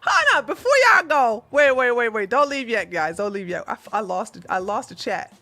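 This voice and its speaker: A woman hosting a casual livestream, chatting with her viewers in an animated way, often laughing and talking back to the chat. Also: a little high, brisk. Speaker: livestream host.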